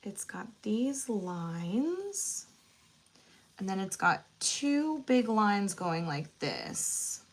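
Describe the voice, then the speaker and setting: Woman, casual live chat, unhurried, animated pitch, laughs often. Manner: chatty, musing aloud, quick to laugh. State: out of breath. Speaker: host. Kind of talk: casual live stream chat while coloring.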